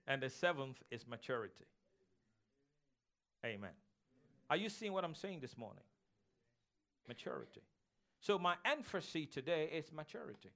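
High-voiced man preaching emphatically. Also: animated, normal speed, pauses often, fairly bright tone. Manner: emphatic, repetitive preaching that calls for congregation responses. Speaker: pastor. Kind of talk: sermon. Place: church sanctuary.

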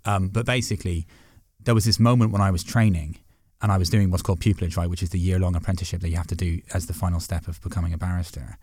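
A Northern Irish man, a barrister guest, talks rapidly and passionately in a casual conversation, arguing and telling stories. His voice sits fairly low. The recording is dry and close. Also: fairly even intonation, darkish tone, dry recording. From Northern Ireland. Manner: fast, passionate, argumentative storytelling.

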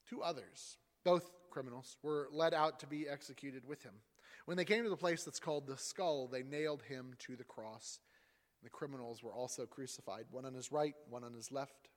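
A man's voice: mid-range voice, moderate pace, big-room sound. A man giving a dramatic liturgical reading of scripture in church, acting out the voices in the passage. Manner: acts out the voices in the passage, rising loud for the crowd. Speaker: scripture reader.

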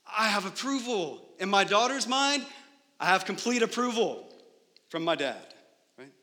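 A man's voice: high-pitched, sing-song, unhurried, pushed and bright, long reverb tail. A man preaching a sermon as pastor in a church sanctuary, emphatic and full of rhetorical questions.

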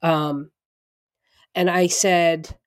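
A woman's voice: lowish voice, steady tone, extremely slow, no room sound, studio quality. A middle-aged woman co-hosting a podcast, talking casually with many restarts and laughing through hard moments. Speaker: podcast co-host. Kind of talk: casual conversation.

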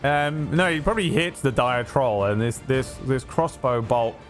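A man's voice: medium pitch, lively intonation, normal speed, faint music behind. A man narrating as game master, vivid and dryly teasing toward the players.

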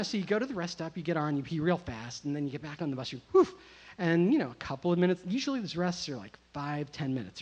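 An adult storyteller telling a personal tale, rambling and self-mocking, full of "you know" and "like". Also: medium pitch. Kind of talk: live first-person storytelling. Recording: muffled lo-fi recording.

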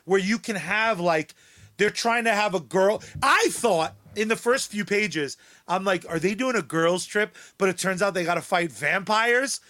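A man's voice: high-pitched, a bit bright. A man co-hosting a comics podcast, sardonic and profane, laughing often in casual chat. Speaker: podcast co-host.

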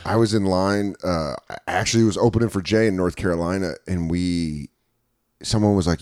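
A man's voice: deep voice, normal speed, a little mellow, no echo, clean studio sound. A man co-hosting a podcast, telling stories in profane, laughing, casual banter. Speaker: podcast host and comedian.

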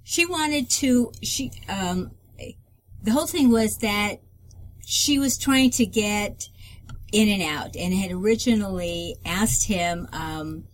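A woman co-hosting a relationship advice talk, an animated storyteller who jumps in to finish her partner's points. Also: medium pitch, slow pace, a little hiss or hum. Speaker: co-host. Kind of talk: conversational relationship advice show.

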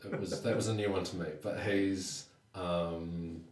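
A man co-hosting a podcast, talking through a film plot in a halting way with many restarts. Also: low voice, steady tone, a little mellow. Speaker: podcast co-host. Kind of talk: casual film review chat. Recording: roomy, distant mic.

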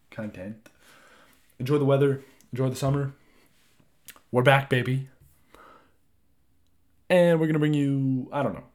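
A young man hosting his own podcast, chatting loosely and rambling, with frequent swearing and lively asides. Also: medium pitch. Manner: rambling, profane, animated asides. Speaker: podcast host. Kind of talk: casual solo podcast chat.

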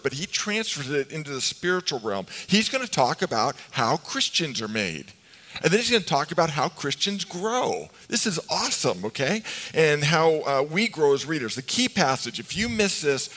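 A middle-aged male pastor delivers a sermon in a church sanctuary, his voice trailing into a long hall reverb. He preaches like a chatty storyteller, mixing in humor and questions for the congregation. His voice sits at an ordinary male pitch. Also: fairly bright tone.

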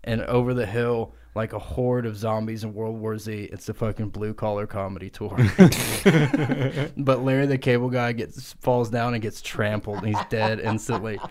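A man's voice: fairly low pitch, steady tone, moderate pace, darkish tone. Giggly crude man on a podcast. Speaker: podcast co-host. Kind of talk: improvised comedic storytelling. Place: podcast studio, hot room. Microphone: studio microphone.

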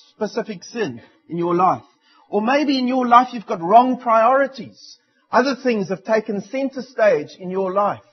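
Husky-voiced preacher with dramatic swings. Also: male voice, high-pitched. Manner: dramatic preaching with sudden drops to near-quiet. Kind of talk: sermon. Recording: dull lo-fi sound.

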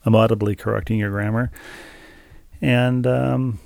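Low gravelly man, dry wry storyteller. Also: fairly even intonation, measured pace, a little mellow, no echo. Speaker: podcast co-host. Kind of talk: casual chat.

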